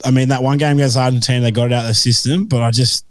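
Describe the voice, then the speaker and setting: A man on a sports podcast panel giving his opinion slowly and hesitantly, with many pauses and ums. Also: medium pitch, steady tone, no echo. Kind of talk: casual sports chat.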